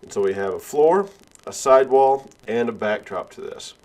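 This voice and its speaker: A man instructor giving a screen-recorded software tutorial, explaining each click step by step and correcting himself along the way. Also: medium pitch, moderate pace. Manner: steady step-by-step walkthrough, self-correcting.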